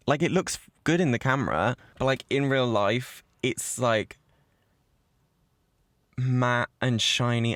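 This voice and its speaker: A man hosting his own podcast in casual chat, gushing and swearing a lot as he gets excited. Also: mid-range voice, no echo, studio quality. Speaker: podcast host. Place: cabin in the woods.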